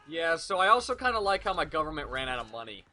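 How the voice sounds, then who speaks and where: A man's voice: a little high, big pitch swings, quick pace, bright, forceful tone. A young man in his late teens giving a rambling, profane, jokey commentary over gameplay. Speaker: gaming video commentator.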